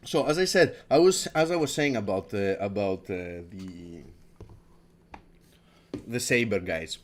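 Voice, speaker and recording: Hosting a laid-back crypto stream, a man from Greece rambles on, repeats words, curses and laughs frequently. He speaks in a fairly low, animated voice at an unhurried pace.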